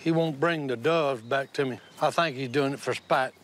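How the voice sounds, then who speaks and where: A man's voice: medium pitch, moderate pace, a little hiss or hum. An older man with a Southern US accent, rambling in folksy banter and scolding his dog. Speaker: reality show cast member. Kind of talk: casual banter and to-camera asides. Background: background music.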